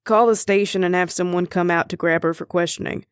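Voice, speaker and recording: A woman narrator voicing a steady male police chief in an audiobook, speaking low and reassuring. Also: a little fast, smooth, no echo, studio quality, close to an everyday voice. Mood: brisk. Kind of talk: audiobook character voice.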